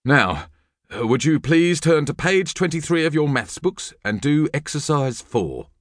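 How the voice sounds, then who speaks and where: Man reads as a frazzled schoolteacher: stammering, panicky, voice pitched well up, bone-dry read. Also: very animated, measured pace, dry recording. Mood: alarmed. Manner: flustered, stammering. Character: nervous panicky male schoolteacher.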